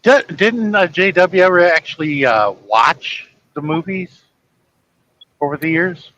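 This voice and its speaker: A man chatting casually as a guest, speaking in a slow, drawn-out, expressive way. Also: fairly high pitch, lo-fi sound. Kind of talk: casual chat.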